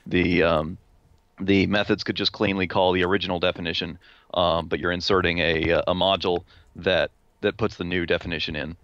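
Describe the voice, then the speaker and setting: A man's voice: deep voice, flat delivery, a little fast, a bit bright, no room sound, lo-fi sound. A man talking through a technical point in casual panel chat, with many restarts and fillers. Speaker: podcast panelist.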